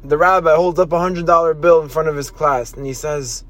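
A man's voice: on the high side, a little fast, a bit bright. A man hosting a motivational podcast, talking earnestly with lots of restarts and repeated phrases. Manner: earnest, repetitive, with many restarts; acts out scolding voices in quotes. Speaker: podcast host.

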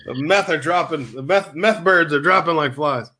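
A man in casual comedic chat, telling animated stories as a podcast co-host. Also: fairly high pitch, moderate pace. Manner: animated storytelling with laughs.

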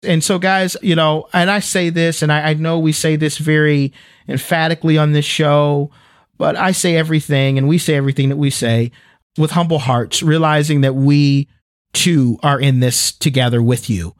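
This man's voice is a little high and steady in tone at a moderate pace as he co-hosts a faith-based podcast with earnest emphasis, often restarting and repeating words. The recording is dry and clean, from a studio.

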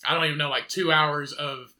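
Young guy on a podcast, super bright voice, kinda high, swears a ton and rambles through stories. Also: fairly even intonation, fairly quick. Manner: rambling, profane storytelling with laughs. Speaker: podcast co-host. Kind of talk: casual chat.

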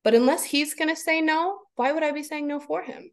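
Expressive woman with a gravelly, higher voice. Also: a little fast. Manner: expressive, laughs often, acts out her own inner voice. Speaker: podcast guest. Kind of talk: casual conversation.

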